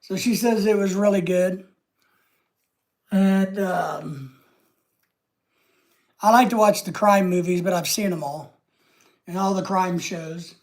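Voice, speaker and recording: Chatty live-stream host, rambling and off the cuff. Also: mid-range voice. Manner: rambling, chatty, trailing off quietly. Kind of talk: casual live-stream chat.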